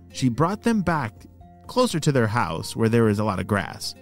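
A man's voice: medium pitch, very animated, moderate pace, faint music behind. A man hosting a children's story podcast, narrating in an enthusiastic, playful way.

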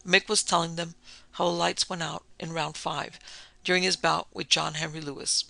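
A woman narrating a classic mystery podcast with steady, measured delivery. Her voice is gravelly with fry and sharply bright in tone. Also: on the low side, no echo. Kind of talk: scripted narration of a vintage mystery.

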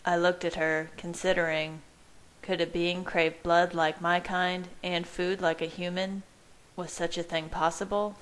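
Woman, low voice, first-person fan fiction narration, measured reading. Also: flat delivery, fairly bright tone, poor audio. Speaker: reader.

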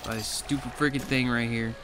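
A man's voice: mid-range voice, steady tone, fairly quick, background noise. A man giving casual let's play commentary as he plays, chatty and talking to himself, with frustrated outbursts. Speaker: gameplay streamer.

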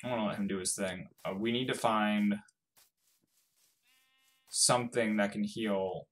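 A young man giving casual, swearing let's-play commentary, swinging from mumbling to frantic yelling. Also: lowish voice, steady tone, unhurried. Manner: swears a lot. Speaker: gaming YouTuber.

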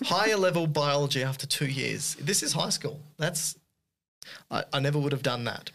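A man's voice: fairly high pitch, animated, vocal fry, a bit bright, slight background noise. Joking man co-hosting a podcast. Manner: jokey, teasing banter, reads emails with quick asides. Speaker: podcast co-host. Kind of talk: casual chat, reading listener emails aloud.

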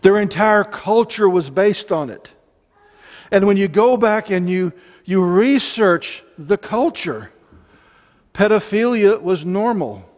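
A middle-aged preacher with an Ozarks accent delivers an impassioned, rambling sermon full of joking asides. His voice sits notably high for a man. A long reverb hangs on every phrase. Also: lively intonation, slow, darkish tone.

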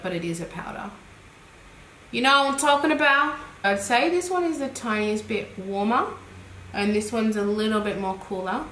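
A woman's voice: medium pitch, a bit bright. Chatty Australian woman in an echoey room. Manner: chatty and giggly, thinking aloud. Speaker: beauty vlogger. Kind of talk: casual makeup review chat. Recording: echoey room with faint noise.

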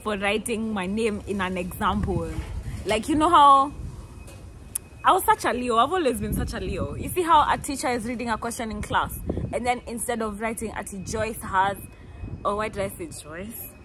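A Kenyan woman in her twenties, telling stories in a lively, playful way and acting out the people she quotes. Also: a little high, normal speed, background noise. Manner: animated, playful, laughs often, acts out quotes. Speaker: vlogger. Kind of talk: casual storytelling.

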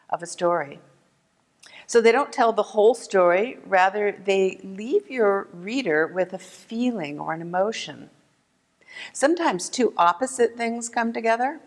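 A woman teaching a lesson for children, gentle and clear, slowing down to sound out words. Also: fairly low pitch, long reverb tail. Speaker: museum art educator. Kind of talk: instructional video lesson for kids.

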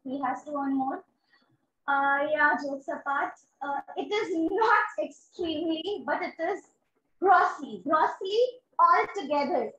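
A woman's voice: high voice, pushed and bright. A woman with an Indian English accent, teaching an online exam-prep English class and praising students often. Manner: encouraging, repeats "very good" and "amazing". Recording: roomy, dull lo-fi sound.

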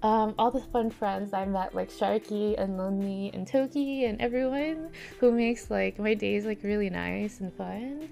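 A woman's voice: medium pitch, measured pace, vocal fry, few pauses, warm tone. A young woman livestreamer talking casually and rambling with lots of fillers, greeting chat, at times close to tears. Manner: rambling, filler-heavy, reads chat aloud. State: near tears.

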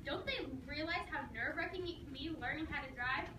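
A woman performing a comic dramatic monologue, telling the story in a sarcastic, animated way. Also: sits high, brisk. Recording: echoey room, mic far off, noisy.

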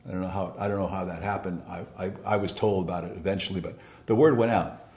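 A man's voice: deep voice, fairly even intonation, fast, darkish tone. An older man telling a story from his past in a blunt, profane way, often restarting his sentences. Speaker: interviewee recalling past. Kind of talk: candid storytelling. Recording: roomy echo.

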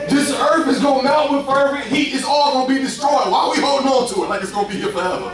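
A man preaching a sermon, animated and lively, swinging from loud bursts to hushed asides. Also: very high-pitched, fast talker, few pauses, a crowd in the background. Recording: echoey room picked up from far off, faint ambience.

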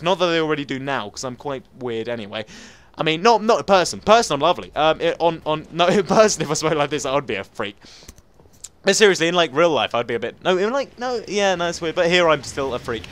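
A man in his late teens from England, rambling fast and jokily through gameplay commentary, with sudden squeaky jumps in his voice. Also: very animated, fairly bright tone. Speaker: gaming YouTuber.

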